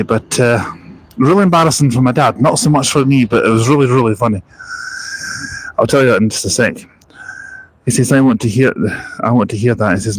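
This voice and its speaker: A Scottish man with a medium-pitched voice, heard through poor audio, chats casually on a bus-spotting live stream. He reads out viewer comments in a jokey, rambling way and laughs at his own stories.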